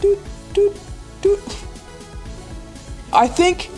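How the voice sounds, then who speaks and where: Woman, high-pitched, excitable, teasing, casual livestream chat, frequent laughter. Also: extremely slow, faint music behind. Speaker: streamer co-host.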